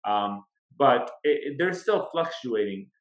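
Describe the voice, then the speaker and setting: A man talks through a topic step by step in a measured, thoughtful way, his voice sitting in a middle register. The recording is muffled and lo-fi, with a noticeable room echo around him. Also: mid-range voice, lively intonation. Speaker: guest, marketing expert. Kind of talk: casual interview. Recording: echoey, dull lo-fi sound.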